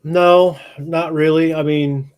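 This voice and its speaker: A man's voice: fairly high pitch, level tone, slow, darkish tone, clean tone. A man co-hosting a casual podcast, easygoing and blunt, often restarting his sentences. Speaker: podcast co-host.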